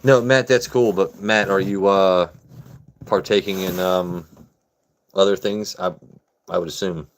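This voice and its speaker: A man's voice: deep voice, fairly even intonation, unhurried, pauses often. A man hosting a casual livestream, joking and chatting with viewers by name in a laid-back way. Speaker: livestream host. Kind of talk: casual chat with live chat viewers.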